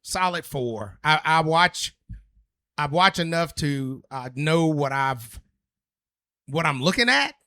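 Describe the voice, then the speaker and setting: Man, slightly high and bright, joking podcast co-host. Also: expressive, slow pace, no echo, clean studio sound. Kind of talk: casual podcast chat.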